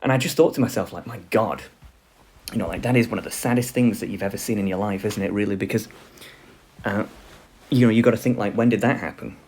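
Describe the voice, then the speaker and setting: A man's voice: on the low side, fast talker, darkish tone, breathy edge. A man giving a casual spoken lecture, rambling with lots of fillers and asides.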